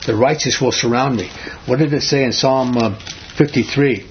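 A man's voice: medium pitch, normal speed, slight background noise. A man leading an interactive Bible study, reading scripture aloud and putting questions to his group. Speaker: Bible teacher. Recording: dull lo-fi recording.

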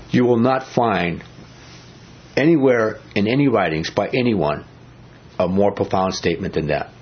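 A man preaching a sermon in a conversational way, asking his listeners questions and going low and slow when he quotes scripture. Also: husky. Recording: dull lo-fi recording.

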